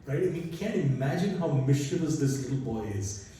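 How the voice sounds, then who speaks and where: A man's voice: medium pitch, expressive, normal speed, mellow, a little hiss or hum. A man giving a storytelling sermon in a conversational way, often checking in with "right?" and "you know". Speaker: speaker at a temple gathering. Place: large temple hall. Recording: echoey hall from far off.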